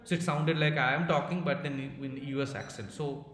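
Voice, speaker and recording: A man's voice: on the high side, steady tone, fairly bright tone. Man with an Indian accent presenting in a hall. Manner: halting, many fillers and restarts. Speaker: conference speaker. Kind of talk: technical conference presentation. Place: conference hall. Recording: echoey hall with faint noise.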